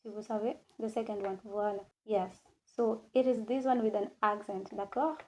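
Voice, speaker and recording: A woman teaching French in a classroom, slowly repeating each word again and again and switching between English and French. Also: medium pitch, fairly even intonation, darkish tone, a little hiss or hum. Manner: slow, repeats words many times, mixes English and French. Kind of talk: classroom lesson.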